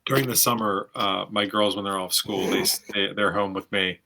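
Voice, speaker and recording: A man's voice: on the low side, fairly even intonation, moderate pace, creaky, bright, forceful tone. A man co-hosting a casual podcast chat with a dry, joking manner. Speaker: podcast co-host.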